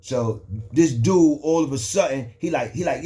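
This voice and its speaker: A man's voice: a little high, moderate pace, dark tone. A young man from the Bronx, telling a jail story in loose, slangy casual talk with frequent restarts. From the Bronx, New York.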